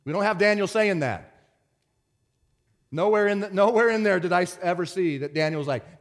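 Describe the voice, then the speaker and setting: A pastor delivering a conversational sermon, telling stories in an animated, stop-and-start way. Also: male voice, sits high, a little fast. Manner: conversational storytelling, animated, many restarts.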